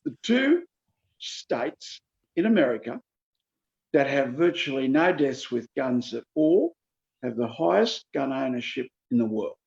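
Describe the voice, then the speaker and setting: An older Australian man from Queensland holds forth in an interview with folksy, emphatic delivery. He repeats key figures slowly to drive them home. His voice sits at an everyday pitch and comes through a dull, lo-fi recording. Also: sing-song, gravelly, darkish tone. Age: 70s. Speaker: politician guest. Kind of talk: interview answers.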